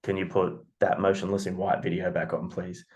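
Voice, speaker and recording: A man, a podcast co-host telling animated stories and swearing freely. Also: sits low, brisk. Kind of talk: casual storytelling.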